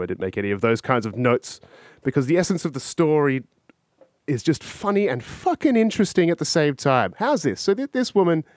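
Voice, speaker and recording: A man's voice: mid-range voice, no echo, studio quality. A man hosting a podcast, musing aloud in a rambling, profane casual monologue and putting questions to his listeners. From Australia. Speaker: podcast host.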